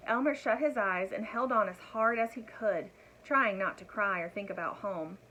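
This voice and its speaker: A woman reading a picture book aloud to children in an expressive voice, turning to her young listeners with asides. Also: medium pitch, normal speed, slight background noise, rough recording. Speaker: storyteller.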